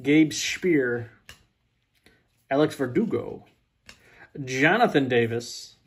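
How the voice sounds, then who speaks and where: A husky man sits opening packs of baseball cards and reads the players' names aloud one by one. He talks in a loose, joking way between the names. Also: mid-range voice, lively intonation, takes it slowly. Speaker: card breaker. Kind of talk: casual card-opening chat.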